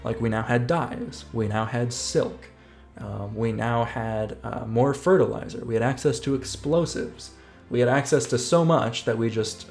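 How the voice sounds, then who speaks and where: A man talking through his strategy game playthrough in a casual, chatty way, cracking jokes as he goes. His mid-pitched voice has a gravelly fry to it. Faint game music plays underneath. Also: a little mellow. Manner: chatty, upbeat, jokey. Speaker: gaming channel host. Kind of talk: casual gameplay commentary.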